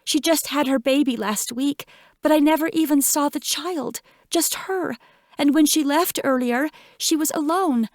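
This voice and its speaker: A woman's voice: high voice, a little slow, no echo, pitched above the performer's own voice. A woman reading an audiobook, voicing a frightened, tearful young woman who sounds shaky and close to sobbing. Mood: distressed. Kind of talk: audiobook character voice.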